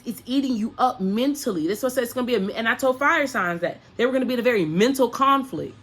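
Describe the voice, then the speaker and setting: A woman's voice: on the high side, bright, forceful tone, husky. A woman speaking as a spiritual coach and astrology reader. She talks casually to her viewers, with emphatic, repeated rhetorical questions and profane slang.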